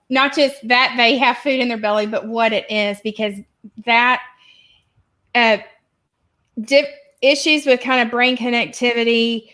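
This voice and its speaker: A woman's voice: a little high, a bit bright. A woman speaking as a guest expert on a podcast, explaining children's behavior and giving parenting tips in a casual way. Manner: explanatory, with self-corrections.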